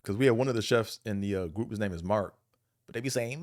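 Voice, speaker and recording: Man host from Buffalo, Buffalo accent, low-pitched, rambling profane monologue, dry close sound. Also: fast talker, no room sound. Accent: Buffalo, New York. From Buffalo, New York. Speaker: vlog host. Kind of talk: casual monologue.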